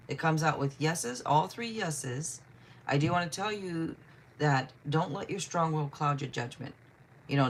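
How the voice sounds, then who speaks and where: Low-voiced woman hosting a tarot livestream. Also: slight background noise. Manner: chatty, apologetic, greets viewers by name. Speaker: tarot reader and livestream host. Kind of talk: casual livestream chat reading viewer questions.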